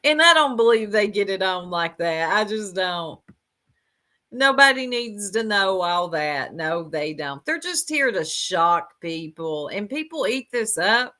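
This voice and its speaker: A woman's voice: medium pitch, big pitch swings, a little slow, pushed and bright. A woman giving casual reaction commentary, blunt and sarcastic, laughing often and talking straight to her chat.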